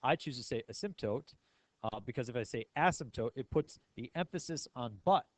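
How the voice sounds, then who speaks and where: A man's voice: medium pitch, expressive, brisk, slight background noise. A male math teacher lecturing a class in a playful way, asking his students many questions.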